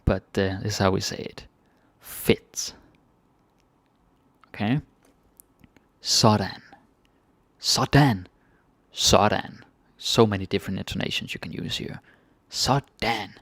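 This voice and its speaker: A man with a Danish accent teaching phrases in a casual lesson, repeating each phrase slowly before explaining it. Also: fairly low pitch, fairly even intonation, vocal fry, no echo. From Denmark. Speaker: language teacher.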